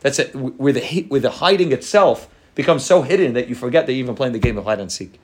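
A man teaching a Torah class at a rapid clip. He reads short Hebrew passages and then explains them in English, often restarting and repeating words. His voice sits at an ordinary middle pitch. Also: expressive. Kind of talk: Torah class on a Hasidic text.

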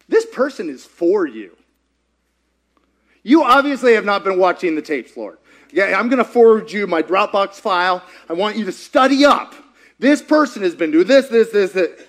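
A male pastor with a high voice that swings widely as he preaches. He talks in an animated, conversational way and keeps throwing questions out to his listeners. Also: moderate pace. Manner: animated, conversational, quizzes the audience. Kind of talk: sermon.

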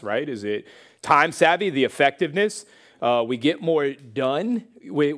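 A middle-aged man preaching a sermon in a conversational, emphatic way, often asking "right?" and acting out the quoted voices. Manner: acts out quoted voices with big jumps in pitch and volume. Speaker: pastor.

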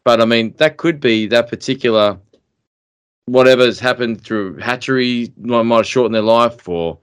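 A man's voice: mid-range voice, normal speed, clean tone, no echo. A man, chatting casually on a podcast, musing aloud and calling his co-host mate. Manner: musing, calls people mate. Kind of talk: casual chat.

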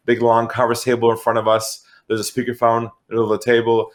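A middle-aged sales expert from San Diego, California, tells a story as an interview guest. He speaks quickly in a medium-pitched voice and animates the tale by acting out the voices of the people in it.

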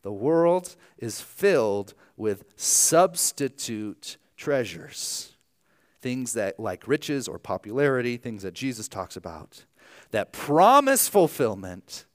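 A pastor from Ohio, delivering a sermon and moving from hushed near-whispers to loud, lively emphasis. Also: male voice, mid-range voice, takes it slowly. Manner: animated, dropping to hushed tones.

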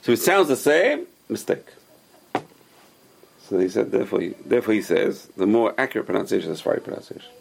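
Fast gravelly rabbi teaching a class. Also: male voice, on the low side, very animated. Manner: explains patiently with many examples and questions.

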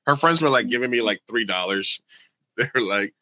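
Bright-voiced man telling a bar story. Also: lowish voice, brisk, no room sound. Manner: animated storyteller, swears freely, acts out quoted people. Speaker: podcast co-host. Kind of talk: casual storytelling chat.

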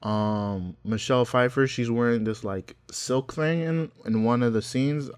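A young man co-hosting a casual podcast chat, telling stories in an animated, slangy way with frequent laughs. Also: medium pitch, unhurried, clean tone. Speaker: podcast co-host.

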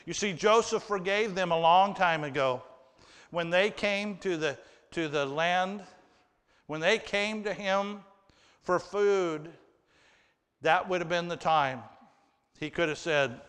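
Slow, emphatic preacher in a reverberant hall. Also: male voice, on the high side, fairly bright tone, smooth. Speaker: pastor. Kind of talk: sermon with scripture reading.

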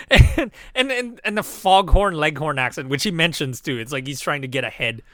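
A man's voice: on the high side, moderate pace, no echo, clean studio sound. A man co-hosting a podcast, talking casually and animatedly about films with frequent fillers. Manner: animated, laughs often, many fillers. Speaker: podcast co-host. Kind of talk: casual film discussion.

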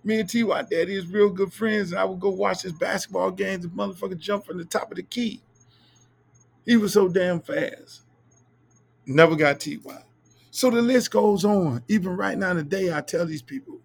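A middle-aged man hosting a podcast, telling profane stories in a loose, animated way. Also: high-pitched, normal speed, gravelly, long pauses, husky. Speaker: podcast host. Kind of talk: casual storytelling monologue.

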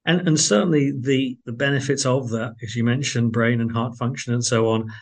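A man's voice: medium pitch, steady tone, normal speed. Effusive radio host, man. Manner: effusive, filler-heavy. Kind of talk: radio interview hosting.

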